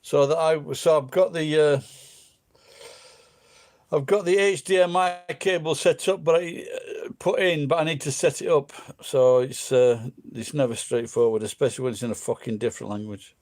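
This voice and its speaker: A middle-aged male vlogger rambles casually, drifting between thoughts and swearing freely in a crude, meandering way. His voice is fairly high-pitched with a darkish tone, at a moderate pace.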